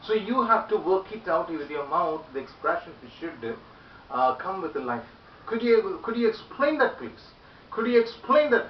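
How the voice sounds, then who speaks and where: A man teaching communication skills, demonstrating polite phrases again and again in a lively voice and repeating them for practice. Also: high voice. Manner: animated, repeats example phrases loudly and often. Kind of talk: spoken English lesson. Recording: echoey room, distant mic, dull hiss.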